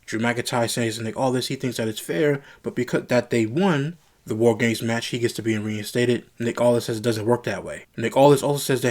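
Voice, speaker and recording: A man hosting his own show, casually recapping a wrestling broadcast in a rambling style, retelling the dialogue and lifting his voice when excited. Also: fairly quick, few pauses. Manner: animated, rises in pitch when excited.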